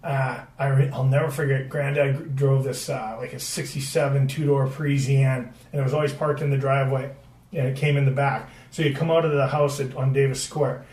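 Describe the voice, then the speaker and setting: A man's voice: medium pitch, flat delivery, fairly quick, darkish tone, distant mic. A middle-aged man from the Boston area, a retired hockey player, telling stories in a rambling, profane way with many restarts and fillers. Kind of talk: casual storytelling chat. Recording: echoey room, a bit off-mic, faint background noise.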